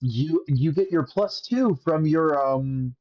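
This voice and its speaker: A man's voice: on the high side, takes it slowly, darkish tone, lo-fi sound. A man running a tabletop game as game master, teasing his players and laughing easily.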